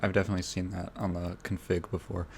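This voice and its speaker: A man hosting a casual solo podcast, rambling with many fillers and restarts, his throat phlegmy so he keeps clearing it. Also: low voice, flat delivery, fast talker, darkish tone, a little hiss or hum. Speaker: podcast host.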